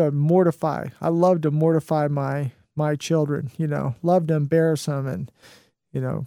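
A man's voice: fairly high pitch, warm tone, dry recording, studio quality. A middle-aged man hosting a motivational talk, upbeat and encouraging, rambling with lots of fillers. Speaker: host.

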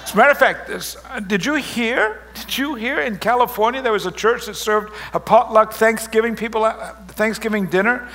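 High-voiced joking preacher man. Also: normal speed, few pauses. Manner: joking, animated, teasing the congregation. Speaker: pastor. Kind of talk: humorous sermon. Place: church service.

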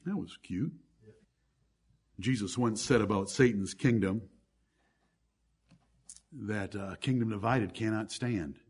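A man's voice: fairly low pitch, slow, pauses often, a little mellow, husky. A male pastor preaching a sermon to his congregation, reading scripture aloud and stressing key words.

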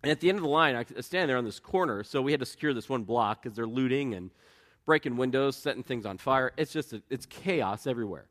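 A man's voice: mid-range voice, animated, fast, fairly bright tone. A middle-aged man preaching a sermon in an earnest, conversational way, asking the congregation questions and telling personal stories. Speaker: pastor.

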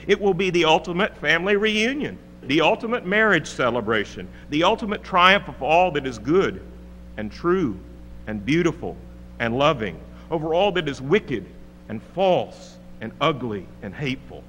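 A man preaching a sermon, swinging from loud, soaring peaks down to hushed, drawn-out lines. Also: on the high side, lively intonation. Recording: reverberant hall with faint hum.

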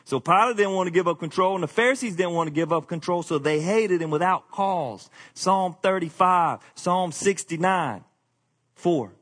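A man preaching with a drawl, swinging from low, quiet reading to high, animated outbursts. His voice is a little husky and sits above the usual male pitch. It rings out in a reverberant church hall. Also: normal speed. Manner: animated preaching with colloquial asides. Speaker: pastor. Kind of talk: sermon.

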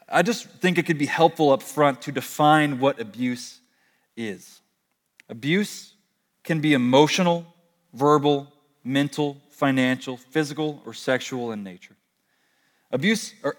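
Young male pastor in a reverberant hall. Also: mid-range voice. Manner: conversational storytelling with slow emphatic pauses. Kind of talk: sermon. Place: large hall, speaking from a stage.

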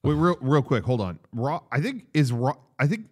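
A man with a lively, animated voice co-hosts a casual movie chat. He laughs easily and interrupts to double-check a detail. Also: medium pitch, moderate pace. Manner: chuckling, agreeable, checks facts. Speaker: podcast co-host.

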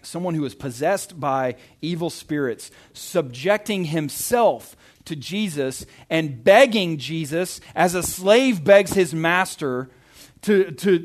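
Animated man preaching a casual sermon. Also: fairly high pitch. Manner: conversational, animated, with stammered restarts. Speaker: pastor.

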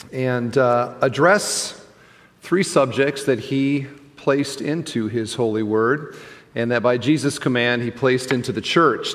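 A middle-aged male pastor telling a story in a sermon, animated and acting out the voices of the people he quotes. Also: medium pitch. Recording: long hall reverb.

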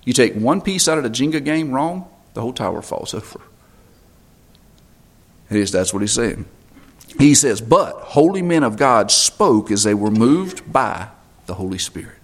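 A man's voice: mid-range voice, animated, normal speed. A man preaching a sermon as pastor, emphatic, repeating phrases for stress.

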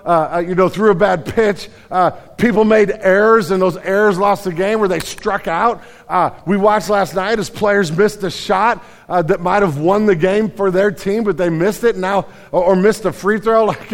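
A middle-aged man preaches a sermon in a folksy, storytelling way, often restarting his sentences. His voice sits fairly high for a man. A long reverb from a large church hall trails behind every phrase. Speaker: pastor.

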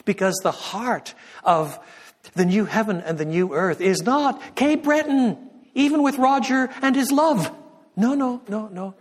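A man delivers a sermon-style lecture in a church, his voice slightly husky. He hammers his key points loudly, then sinks into a hushed, reverent prayer. The sound rings with the long reverb of the church hall. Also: high-pitched, expressive, unhurried. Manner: emphatic, swings from loud peaks to hushed prayer. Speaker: guest lecturer.

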